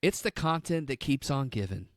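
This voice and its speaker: A middle-aged man co-hosts a podcast, delivering wry quips in a mock-dramatic tone. His pitch sits in the middle range. The recording is dry and close-miked. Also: expressive, normal speed, no room sound. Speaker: podcast co-host. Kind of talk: casual podcast banter and mock ad reads.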